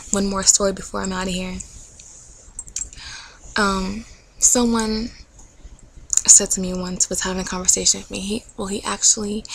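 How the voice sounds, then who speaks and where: Earnest husky young woman vlogger. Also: mid-range voice, rough recording. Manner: earnest, encouraging, often dropping to a soft near-whisper. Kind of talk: faith-based personal vlog talk.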